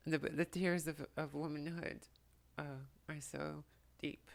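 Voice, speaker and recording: A tearful woman at home, speaking to the camera in a soft, halting way while relaying messages, often dropping to a whisper. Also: low-pitched, fairly even intonation, creaky, slight background noise. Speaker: spiritual channeler and makeup vlogger. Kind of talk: emotional channeling talk to camera. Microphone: camera mic, speaking to the camera.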